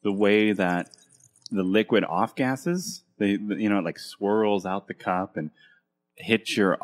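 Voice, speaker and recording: Low-voiced rambling male co-host. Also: slow pace. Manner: rambling, playful, searching for words. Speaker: podcast co-host. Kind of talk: casual chat.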